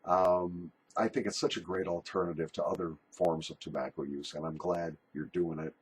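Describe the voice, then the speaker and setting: A man's voice: low voice, fairly even intonation, normal speed, a little hiss or hum. An older man recording a casual video letter as a pipe and snuff YouTuber, jokey, rambling and a little bawdy.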